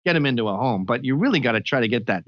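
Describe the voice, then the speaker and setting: A man's voice: medium pitch, animated, rapid-fire, a bit bright, no echo, highs cut off. A man talking casually as a podcast guest, telling crude, blunt stories. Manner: crude, blunt storytelling with acted quotes.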